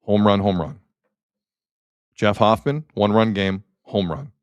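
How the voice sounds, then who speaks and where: A man's voice: lowish voice, takes it slowly, dry recording, lo-fi sound. A man hosting a sports talk show, ranting emphatically with rhetorical questions in casual talk.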